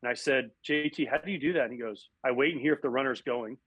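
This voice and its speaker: A man, a former baseball catcher and broadcast analyst, telling animated stories from his playing days in a casual interview, often acting out what people said. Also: medium pitch, fast, husky, dry recording, dull audio. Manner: animated, acts out quotes.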